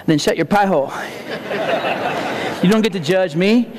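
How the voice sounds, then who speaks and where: A man's voice: sits high, slow, crowd noise, background noise. A man giving a humorous conference keynote, telling stories and repeating key phrases for effect. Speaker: keynote speaker. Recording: long hall reverb.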